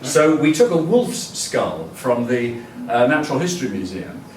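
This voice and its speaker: A man's voice: medium pitch, very animated, moderate pace, a little hiss or hum. An older man giving a chatty, rambling public lecture full of fillers and restarts. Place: lecture hall. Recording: echoey hall, distant mic.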